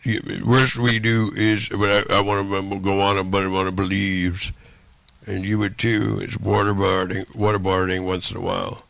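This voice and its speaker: A man rants in a long, rambling monologue, swearing freely and circling back to repeat the same phrases. His voice is gravelly with plenty of fry, yet bright and sharp-edged in tone. The sound is dry and close, with no room echo. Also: low-pitched, flat delivery, moderate pace. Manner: profane, repetitive, rambling rant.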